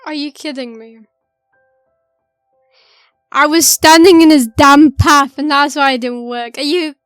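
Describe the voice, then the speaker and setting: High-voiced woman streamer reacting to a game. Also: fairly bright tone, dry recording. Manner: chatty, swings into heated outbursts. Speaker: let's play streamer. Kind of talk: gameplay commentary.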